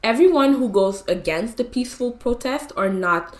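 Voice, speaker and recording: A young woman from Canada co-hosting a podcast, talking in a halting, emotional way with many fillers. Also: a little high, animated, darkish tone. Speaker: podcast co-host. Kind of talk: casual chat.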